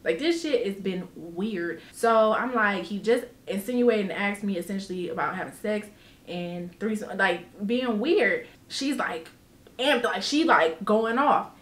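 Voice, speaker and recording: A woman vlogger telling a personal story in casual storytime style, animated and emphatic, swearing freely. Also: mid-range voice, a little slow, reverberant.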